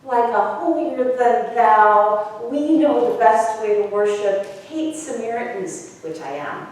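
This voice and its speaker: A woman's voice: fairly high pitch, expressive, slow, a little mellow. A woman pastor with an Upper Midwest accent, performing a first-person sermon monologue as a weary, bold outcast woman at a well, telling her story in a wry, conversational way. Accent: Upper Midwest American. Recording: echoey hall from far off.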